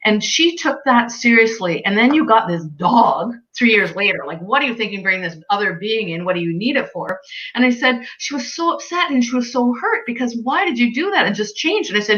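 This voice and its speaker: Bright-voiced chatty woman telling stories. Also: fairly high pitch, expressive, fairly quick. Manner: chatty, retells conversations with quoted voices. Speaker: animal communicator guest. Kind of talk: casual storytelling chat. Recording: dull lo-fi sound.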